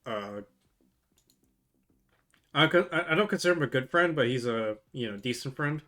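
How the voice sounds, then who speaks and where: A man's voice: mid-range voice, lively intonation, normal speed, fairly bright tone. A man streaming live while drinking, chatting casually to his chat, laughing often, swearing and rambling with many restarts. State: drunk.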